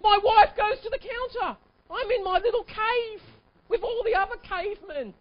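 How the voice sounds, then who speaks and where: A man in his forties giving an animated, emphatic keynote talk, telling a personal story and at times breaking into shouts. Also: extremely high pitch, moderate pace, no echo. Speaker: keynote sales speaker. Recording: dull lo-fi recording.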